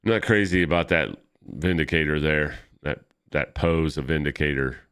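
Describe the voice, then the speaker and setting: A man's voice: a bass voice, normal speed, fairly bright tone, smooth. A man giving casual, rambling commentary while flipping through comic books, nitpicky and often correcting himself mid-sentence. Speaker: comic book vlogger.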